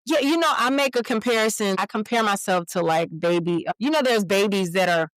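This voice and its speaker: A woman's voice: medium pitch, expressive, a little fast, no room sound. A woman actress, a guest who speaks expressively and swoops into playful voices in a casual chat. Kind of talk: casual conversation.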